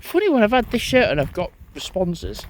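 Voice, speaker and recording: Rambling man, slightly high voice. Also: big pitch swings, a little fast, gravelly, a little hiss or hum. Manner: rambling, chatty, swears casually. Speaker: vlogger. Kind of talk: casual walking vlog. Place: outdoors on a moorland footpath.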